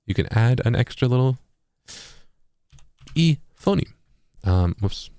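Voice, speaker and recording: A man with an East Coast accent giving a casual tutorial, relaxed and full of fillers, sounding words out as examples. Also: medium pitch, unhurried, smooth, dry recording. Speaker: music producer and streamer.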